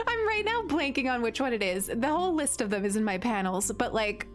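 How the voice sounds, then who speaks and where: A woman's voice: on the high side, lively intonation, moderate pace, soft background music. A woman streamer chatting casually and gushing while she plays, with lots of "like" fillers. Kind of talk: casual live-stream chat while playing.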